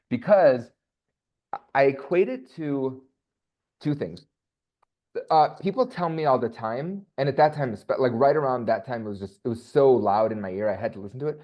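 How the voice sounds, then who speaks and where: A man talking casually as an interview guest, animated and chatty with quick asides. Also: mid-range voice, highs cut off. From United States.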